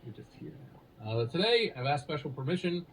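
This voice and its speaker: A man's voice: fairly high pitch, big pitch swings, a little fast, a bit bright, a little hiss or hum, low-quality recording. A man hosting a podcast in casual comedic chat, speaking in a dry, teasing way as he starts a story. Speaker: podcast host.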